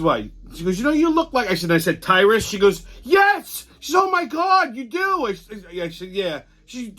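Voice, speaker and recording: A middle-aged man hosting his own show, telling profane, blunt stories in a casual monologue. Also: mid-range voice. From Sicilian heritage. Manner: profane, blunt, animated storyteller. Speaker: host.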